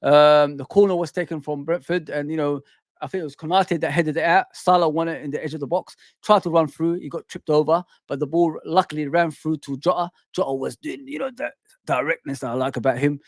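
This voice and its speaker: Football fan host, male, heated and repetitive on a desk mic, high voice. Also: steady tone, a little fast, no echo, studio quality. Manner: heated, repetitive, calls listeners "people" and "man". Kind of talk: ranting fan commentary. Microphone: desk microphone.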